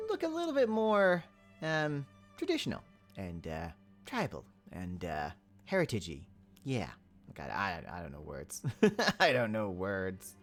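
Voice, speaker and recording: A man's voice: fairly low pitch, fairly bright tone. A man giving casual gameplay commentary as a roleplay server player, rambling and often stammering and repeating words.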